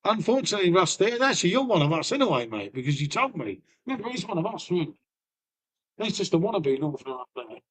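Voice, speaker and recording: Quick and very animated, this high-voiced man from Lincolnshire, England speaks with a Lincolnshire English accent while casually chatting on his live stream. He banters with viewers, swears freely, calls everyone mate, and keeps a folksy tone full of "mate" and "innit."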